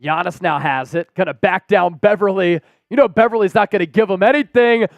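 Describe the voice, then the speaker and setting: High-voiced excitable male sports streamer. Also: a little fast, hardly any pauses, no room sound, faint music behind. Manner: energetic, breaks into excited shouts and chants. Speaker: live stream host. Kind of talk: live play-by-play and chat shout-outs.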